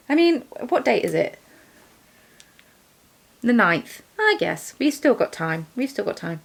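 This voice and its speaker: A young woman vlogger chatting casually while she does bead weaving, rambling and poking fun at herself. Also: medium pitch. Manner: rambling, self-deprecating, chatty. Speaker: vlogger, yarn dyer and shop owner.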